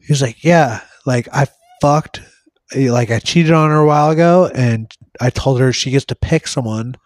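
A man's voice: medium pitch, normal speed, dry recording, clean studio sound. Young man telling a crude story, swearing. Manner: swearing, rambling, acts out quoted lines. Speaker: podcast host.

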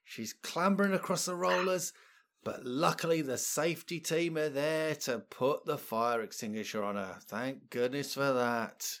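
A man running a tabletop game, who narrates events as a jokey, deadpan sports commentator. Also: on the high side, unhurried. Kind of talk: playful mock sports commentary.

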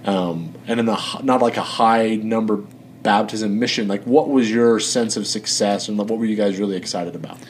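A man with a lowish voice hosts a relaxed podcast chat, feeling his way into questions with repeated words. There is faint noise in the background. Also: moderate pace. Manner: friendly, repeats words while framing questions. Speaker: podcast host. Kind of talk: casual interview chat.

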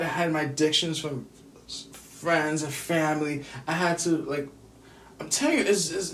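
Heard from a distance in a reverberant space, a high-pitched man vents to his camera. The vlogger swears throughout his frustrated rant and keeps repeating himself.

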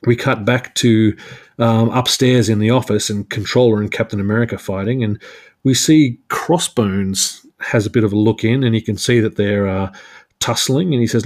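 Low-voiced man casually recapping a comic. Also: normal speed, darkish tone. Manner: chatty and self-mocking, laughs at his own jokes. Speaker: podcast host.

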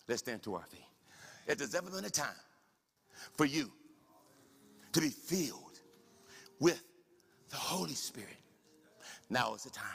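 A man preaching a sermon as the pastor of his church, animated, swinging from soft asides to shouted lines. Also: mid-range voice, unhurried, creaky, long pauses, breathy edge. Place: church sanctuary. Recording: reverberant church hall.

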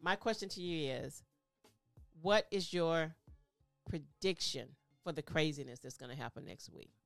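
A podcast co-host in casual chat who goes over the episode and acts out what others said in animated bursts. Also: mid-range voice, measured pace, gravelly, dry recording, faint music behind. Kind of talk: casual chat recapping reality TV.

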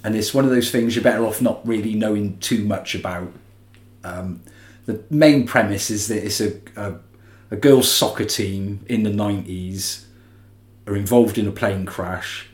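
A man co-hosting a podcast in casual chat, chatty and rambling, with plenty of restarts. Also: on the low side. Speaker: podcast co-host. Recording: roomy echo.

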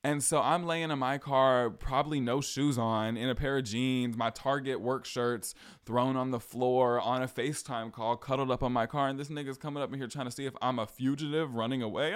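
A young adult man hosting his own podcast, spinning a long personal story in a chatty, sassy voice. His pitch sits in a plain middle range, and he leans on slangy asides as he talks. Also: brisk, hardly any pauses. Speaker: podcast host. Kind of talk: casual storytelling monologue.

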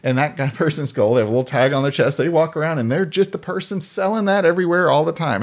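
A man's voice: a little high, fast, few pauses. A man telling stories in casual conversation, animatedly acting out the voices of people in his anecdotes. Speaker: podcast guest. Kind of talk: casual storytelling.

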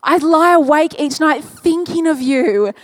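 A woman, preaching a sermon in a chatty, animated way, acting out quotes and laughing often. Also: sits high, measured pace.

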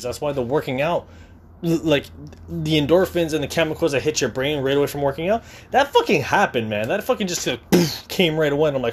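A man's voice: on the high side, brisk. Brief: young male vlogger, casual monologue, rambling and profane, stammers through restarts.

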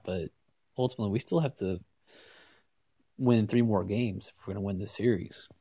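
A man hosting a solo sports podcast, talking in a rambling, excitable way with many restarts. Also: medium pitch, a little fast, slightly rough, dry recording, studio quality. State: hiccups. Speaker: podcast host.

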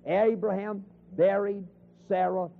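A man's voice: high voice, little pitch movement, takes it slowly, creaky. A man teaching a Bible class in an emphatic sermon style, repeating key phrases for weight. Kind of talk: sermon lecture. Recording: tinny phone-like 1970s tape recording.

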